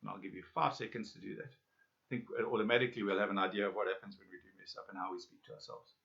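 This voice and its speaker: A man leading a self-help workshop, speaking straight to his listeners with questions and pauses. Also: on the low side, gravelly, a bit bright. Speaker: workshop facilitator. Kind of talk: guided self-help lesson. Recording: dull lo-fi audio.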